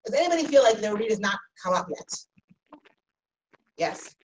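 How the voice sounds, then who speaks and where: A woman teaching a Talmud class, questioning her students in an animated way and correcting herself quickly. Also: medium pitch. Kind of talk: interactive class discussion. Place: classroom with a live audience. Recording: distant mic in a room, faint noise.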